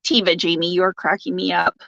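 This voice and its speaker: A woman's voice: fairly low pitch, level tone, a little fast, gravelly, fairly bright tone, dry recording, dull audio. A woman hosting a casual live stream, reading out viewer comments, joking and laughing often and turning sympathetic when someone shares bad news. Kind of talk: casual chat.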